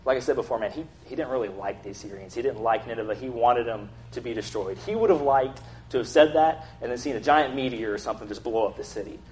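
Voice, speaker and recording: A young man preaching in a relaxed, conversational way, slipping into acted-out quotes as he tells the story. His voice sits at a middle pitch. Faint noise hums under the recording. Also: fast talker. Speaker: pastor. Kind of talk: sermon.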